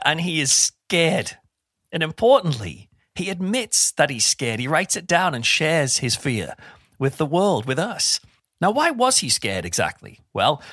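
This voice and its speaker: A middle-aged man giving an informal Bible talk in a chatty, animated way with self-deprecating humour. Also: a little high, no echo, clean studio sound. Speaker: preacher.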